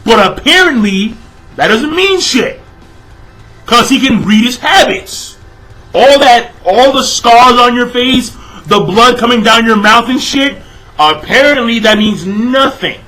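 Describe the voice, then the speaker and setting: A man's voice: extremely high pitch, expressive, unhurried, bright, forceful tone, low-quality recording. A young man giving a casual, exasperated review of a manga chapter, swearing constantly and padding his talk with fillers. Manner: profane, exasperated, filler-heavy ranting.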